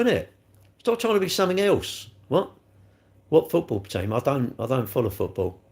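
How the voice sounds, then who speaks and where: A man's voice: mid-range voice, very animated, quick pace. A man rambling and joking as he answers chat comments on a live stream. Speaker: livestreamer reading chat.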